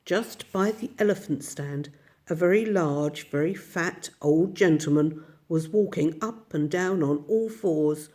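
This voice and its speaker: A woman reading a children's story aloud as narrator, steady and expressive. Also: sits low, a little slow. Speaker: audiobook narrator.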